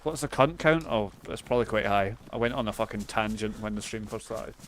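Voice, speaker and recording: A man's voice: lowish voice, brisk, slight background noise. Sweary Scottish man streaming a game. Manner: sweary, chatty, thanks viewers. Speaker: live streamer. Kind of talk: casual gameplay chat.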